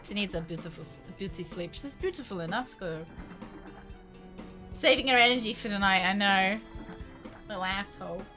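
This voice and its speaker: A woman's voice: mid-range voice, normal speed, pauses often. Chatty woman streaming over game music. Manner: chatty, answers chat while playing. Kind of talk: casual live-stream gaming chat.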